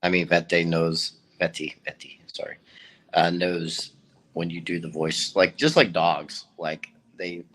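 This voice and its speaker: A young man, a Marine, chatting casually over a voice call with his partner, easygoing and halting, laughing often. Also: sits low, fairly bright tone.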